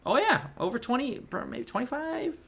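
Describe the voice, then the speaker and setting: A man's voice: extremely high pitch, animated, normal speed, vocal fry, a bit bright. A man in his thirties giving a casual, rambling movie review rant, swearing a lot and restarting his sentences often. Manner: heated, profane, rambling with many restarts.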